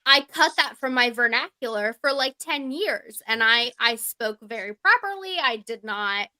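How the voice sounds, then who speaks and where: A woman's voice: fairly high pitch, expressive, moderate pace, pushed and bright, no echo. A woman from Georgia with a light Southern accent, chatting casually as a guest and telling stories. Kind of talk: casual chat.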